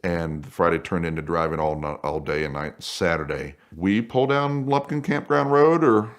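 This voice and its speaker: A man telling a casual anecdote in a lively way. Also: low voice, moderate pace. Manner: animated, acts out voices in quotes. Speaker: guest storyteller.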